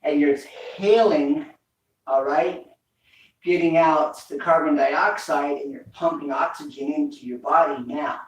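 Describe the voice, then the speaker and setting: A man's voice: a little high, fairly even intonation, unhurried, slight background noise. Echoey man coaching breathing drills. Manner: coaching, repetitive breathing cues. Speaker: fitness instructor. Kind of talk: home workout instruction. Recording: echoey room, mic far off.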